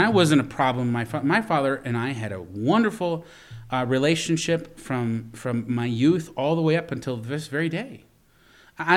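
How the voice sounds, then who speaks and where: A middle-aged man preaching a sermon as pastor, earnest and full of stories, with frequent stumbling restarts. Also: a little high.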